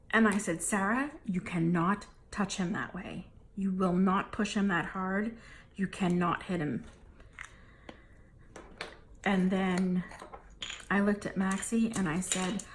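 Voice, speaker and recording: A woman's voice: mid-range voice, slight background noise. Exasperated woman venting a family story. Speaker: vlogger. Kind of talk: casual storytelling rant to camera.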